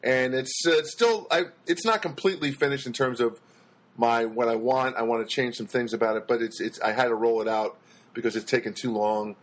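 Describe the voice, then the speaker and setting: A man's voice: medium pitch, steady tone, brisk. A man hosting his own podcast in a rambling comic monologue, full of ums, restarts and dry self-deprecating asides. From United States. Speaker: podcast host and stand-up comedian.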